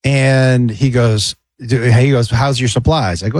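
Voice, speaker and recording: A man telling a story in a casual radio chat, acting out other people's lines in a higher voice. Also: steady tone, measured pace, darkish tone, dry recording. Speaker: podcast co-host.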